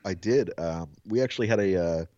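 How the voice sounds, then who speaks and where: A man's voice: deep voice, a little fast, no echo, dull audio. A man co-hosting a podcast, telling a story in casual, profane chat and acting out the quotes. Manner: profane, animated storyteller who acts out quotes. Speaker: podcast co-host.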